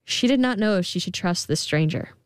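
A woman's voice: brisk, smooth, no echo, studio quality. Woman narrating a fairy tale. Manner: expressive, acts out the girl in a higher voice. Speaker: storyteller.

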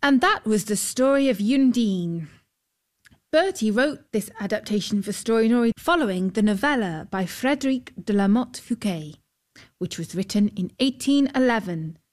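A woman narrating a fairy tale in a gentle, expressive storybook style. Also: on the high side, moderate pace.

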